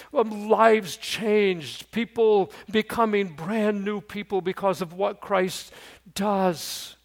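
An older man, a pastor and great-grandfather, preaching a sermon. He moves from loud storytelling to low, hushed pleading.

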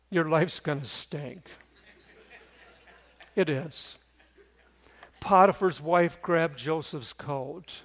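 An older man preaches a sermon at a slow, deliberate pace. His voice sits fairly high for a man. He swings from lively, raised storytelling to quiet, earnest pleading. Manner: earnest, shifts from loud storytelling to hushed pleading. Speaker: pastor.

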